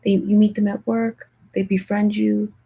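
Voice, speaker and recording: Young woman tarot reader, talks hushed and chatty to her viewers, mellow kinda gravelly voice. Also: mid-range voice, flat delivery, normal speed, rough recording. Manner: hushed, half-whispered delivery; chatty, keeps addressing viewers as "you guys". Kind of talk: casual livestream tarot chat.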